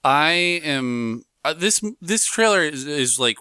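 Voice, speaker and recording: A man's voice: a little high, animated, slow pace, pushed and bright, smooth, no room sound, clean studio sound. A man co-hosting a podcast, playful and self-mocking, laughing often as he chats. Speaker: podcast co-host. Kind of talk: casual podcast banter.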